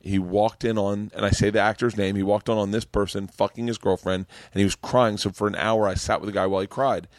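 A man, a comedian, telling a long story in casual podcast chat, swearing freely and getting animated. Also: on the low side, fast talker, few pauses, no echo, studio quality. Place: podcast studio.

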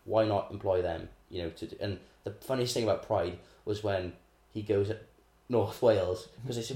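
A man's voice: on the low side, fairly quick, few pauses, a little mellow. A man co-hosting a casual chat, explaining political theory in a chatty, lecturing way. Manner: chatty, lecturing, laughs at his own asides. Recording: echoey room.

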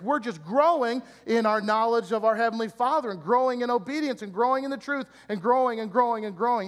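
Pastor guy preaching, high voice, earnest, lots of repeating lists, long echo in the church hall. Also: fairly bright tone. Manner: earnest and explanatory, with repetitive emphatic lists. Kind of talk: sermon.

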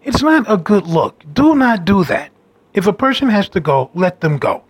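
A man telling a rambling story about a date in a brash, casual monologue with loud asides. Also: high voice, very animated, moderate pace, a little hiss or hum. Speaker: dating storyteller.

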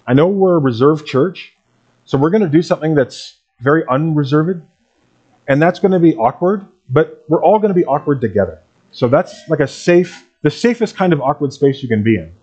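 A man preaching a Sunday sermon with a fairly high voice. He reads the passage first, then moves into loose, chatty teaching that draws in his listeners. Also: animated, normal speed, warm tone, breathy edge, muffled recording. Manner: reads scripture then preaches conversationally, leading the congregation. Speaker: pastor.

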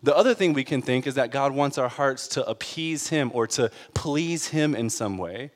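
A man's voice: mid-range voice, lively intonation, moderate pace, big-room sound. A man preaching a sermon in an earnest, conversational way, building to emphatic peaks. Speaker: pastor.

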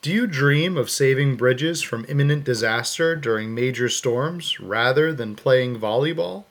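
A man's voice: medium pitch, measured pace, fairly bright tone. A man co-hosting a podcast, playing a text adventure and reading its game text aloud with amused asides. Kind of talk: casual play-through with read-aloud game text.

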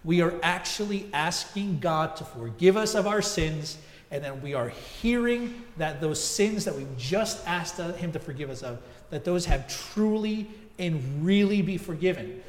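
Male pastor, higher voice, chatty sermon, echoey sanctuary. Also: lively intonation, measured pace. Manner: conversational storytelling with asides. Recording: echoey church hall.

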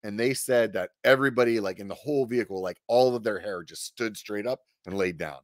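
A middle-aged man telling a story casually on a podcast, animated, with lots of filler words and cursing. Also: fairly low pitch, fairly quick, dry recording, clean studio sound. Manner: animated, swearing, many "like" fillers. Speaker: podcast guest.

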